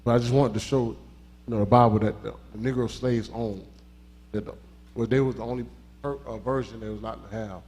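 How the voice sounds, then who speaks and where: A congregation member, a man, explaining something in halting, hesitant speech. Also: on the low side, fairly even intonation, darkish tone.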